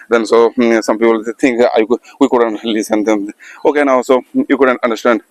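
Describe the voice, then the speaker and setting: A man with an Indian English accent giving an unscripted motivational talk to camera, speaking haltingly with many fillers and repeated words. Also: mid-range voice, fairly even intonation, no echo, poor audio. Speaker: English-practice vlogger. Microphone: camera mic.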